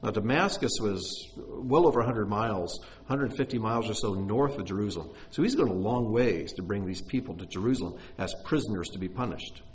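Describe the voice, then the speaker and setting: A man's voice: lowish voice, fairly quick, few pauses. A man teaching a sermon who reads scripture aloud expressively and then explains it in plain, conversational commentary. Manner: expressive reading, breaks off into plain-spoken commentary. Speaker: Bible teacher.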